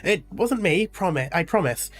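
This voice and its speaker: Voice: mid-range voice, animated, moderate pace, a bit bright, faint music behind. A streamer reading out an earnest, uneasy young woman in a game's story, asking questions in an everyday voice.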